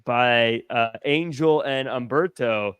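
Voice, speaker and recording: A man's voice: medium pitch, takes it slowly, clean tone. A man co-hosting a podcast in casual banter, joking around and acting out little quoted voices. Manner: jokey, acts out quotes in animated voices. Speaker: podcast co-host.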